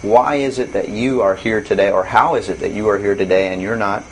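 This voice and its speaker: A man interviewing, asking halting, searching questions. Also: lowish voice, steady tone, slight background noise, low-quality recording. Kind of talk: recorded interview.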